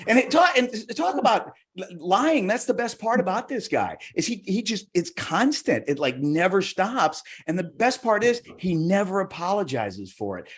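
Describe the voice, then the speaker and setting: A male stand-up comic talks over a video call, rambling through bits with a chatty, self-interrupting delivery. His voice sits a little high for a man, and his pitch bounces around a lot as he plays up his jokes. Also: husky. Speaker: stand-up comedian, co-host. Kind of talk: stand-up comedy on a virtual show.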